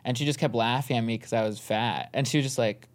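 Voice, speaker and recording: Young male comedian guest, mid-pitched, hesitant, full of fillers, casual podcast banter. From Southern California. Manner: halting, full of fillers and restarts, laughs often.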